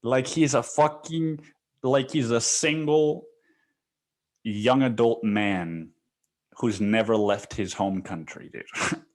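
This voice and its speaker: A man's voice: mid-range voice, slow, pauses often. A male podcast host telling a story in a casual, profane way, laughing often and saying "dude" a lot.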